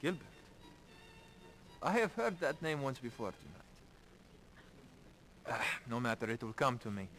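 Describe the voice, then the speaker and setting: An actor playing a suave older gallery owner, speaking formally in a mid-range voice. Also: male voice, mid-range voice, very animated, a bit bright, soft background music. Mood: courtly. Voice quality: formal, slow, old-fashioned courtesy.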